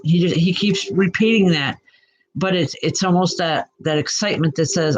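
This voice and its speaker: A woman working as a spiritual medium, giving live online readings in a gentle, halting way and addressing viewers by name. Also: on the low side. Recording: muffled lo-fi audio with music behind.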